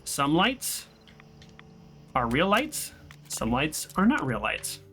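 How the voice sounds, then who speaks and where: Man, young adult, bright forceful voice, rambling let's-play commentary, faint background hiss. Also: fairly high pitch, wildly swooping pitch, takes it slowly. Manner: rambling and chatty, tells stories while playing. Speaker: gaming channel host.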